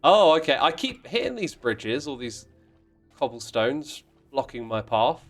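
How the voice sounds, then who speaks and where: Animated, playful male livestream host. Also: medium pitch, a little slow, soft background music. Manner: playful, mock-indignant, exclamatory. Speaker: livestream host playing a block-building game. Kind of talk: casual livestream chat reading viewer messages.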